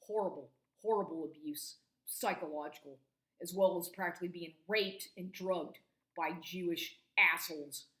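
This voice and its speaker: A woman's voice: lowish voice, normal speed, a bit bright. Agitated woman in her forties, echoey room. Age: 40s. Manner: agitated, profane, stumbling restarts. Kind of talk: angry monologue to camera.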